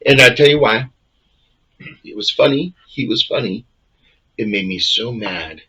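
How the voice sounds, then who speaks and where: Husky man, blunt profane rants. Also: medium pitch, measured pace, pushed and bright, lo-fi sound. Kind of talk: casual comedic chat.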